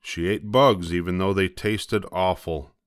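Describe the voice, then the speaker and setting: An older man gently reading a children's picture book aloud, slowing down for the dramatic moments. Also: deep voice, fairly even intonation, clean tone, no echo, studio quality. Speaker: storybook reader.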